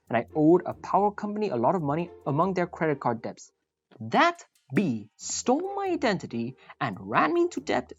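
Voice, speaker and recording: A woman's voice: deep voice, a little mellow, breathy edge. A woman reading a reddit story aloud, with wry, apologetic asides. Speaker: story narrator. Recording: slightly muffled, faint background music.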